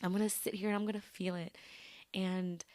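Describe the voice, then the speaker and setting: A woman's voice: mid-range voice, level tone, fairly quick, darkish tone, no echo. A young woman hosting a solo podcast, talking earnestly and casually with many fillers and restarts. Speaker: podcast host. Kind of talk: reflective solo podcast talk.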